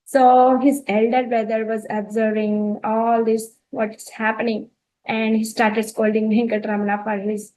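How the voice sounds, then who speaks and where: An earnest woman with an Indian English accent tells a spiritual life story. Her voice sits fairly high. She pauses on fillers and often restarts her sentences. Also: level tone, darkish tone, poor audio. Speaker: spiritual talk presenter. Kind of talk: storytelling talk.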